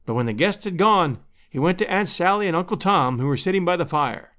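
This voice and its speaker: A man's voice: high-pitched, lively intonation, a little fast, fairly bright tone. A man reading an old-fashioned story aloud as narrator. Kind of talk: audiobook narration.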